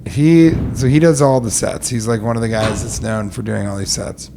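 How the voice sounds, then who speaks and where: A comedian guest on a podcast, telling stories in a profane, animated way that swings between loud outbursts and hushed asides. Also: male voice, medium pitch, moderate pace, vocal fry. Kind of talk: casual podcast chat. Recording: noisy background.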